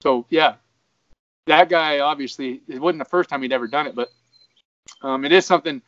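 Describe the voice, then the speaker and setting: A man's voice: a little high, normal speed, fairly bright tone, dry recording, muffled recording. Man from Idaho, distant dry mic. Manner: chatty and joking, with fillers. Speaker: podcast co-host. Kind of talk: casual chat.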